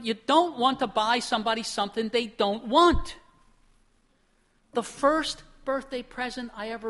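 Middle-aged guy pastor preaching, chatty and storytelling, bright ringing voice. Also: extremely high pitch. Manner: storytelling, conversational, with chuckles. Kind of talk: sermon.

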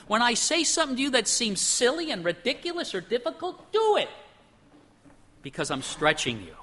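A man preaching a sermon in an animated way, acting out the voices of the people he quotes. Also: high voice, moderate pace.

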